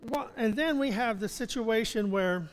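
A man's voice: high voice, unhurried. A man preaching a sermon as pastor, in a conversational way with chuckles and restarts. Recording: long hall reverb.

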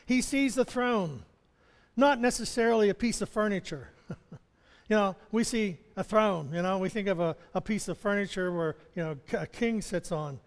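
Long hall reverb surrounds a male chaplain delivering a sermon built on personal stories. He speaks in a high voice at a moderate pace, loosely and conversationally, chuckling frequently and stumbling into restarts.

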